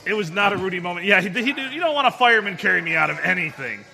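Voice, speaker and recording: A man's voice: high-pitched, very animated, quick pace, vocal fry, sharp tone. A man co-hosting a casual comedy podcast, joking and laughing often. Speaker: podcast co-host.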